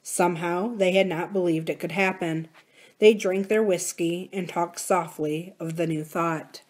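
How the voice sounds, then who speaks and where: A woman reading a novel aloud for a library series, in a measured, expressive way. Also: on the low side. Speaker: library reader.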